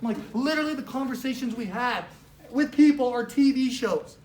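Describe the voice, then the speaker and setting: A woman's voice: a little high, fairly quick. Chatty woman trainer in a roomy hall. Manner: animated, chatty, heavy use of "like", acts out quotes. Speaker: sales office trainer. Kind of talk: casual motivational training talk. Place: office meeting room with a live audience. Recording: roomy live room with faint noise.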